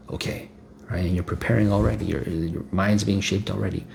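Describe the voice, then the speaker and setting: A man's voice: sits low, steady tone, normal speed, vocal fry, darkish tone, slight background noise. A man preaching a sermon in a rhetorical, repetitive way, often checking in with "right?".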